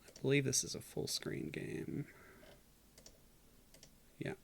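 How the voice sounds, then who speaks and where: A man's voice: takes it slowly, a little hiss or hum. A man streaming a game, chatting casually and reading game text aloud with dry, self-mocking asides. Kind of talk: casual gameplay commentary.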